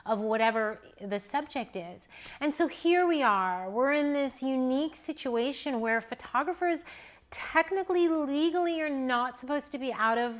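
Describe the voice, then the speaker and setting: Casting: middle-aged woman, slightly high voice, earnest heartfelt home monologue, halting restarts. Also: animated. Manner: earnest, with restarts and rising emotion. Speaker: newborn photographer and educator.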